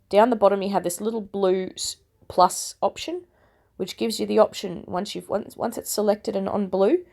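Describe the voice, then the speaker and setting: A woman in her thirties, croaky from a cold, chatting her way step by step through a phone photo-editing tutorial. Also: medium pitch, a little mellow. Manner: chatty and self-deprecating, explaining step by step. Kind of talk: casual screen-recorded tutorial.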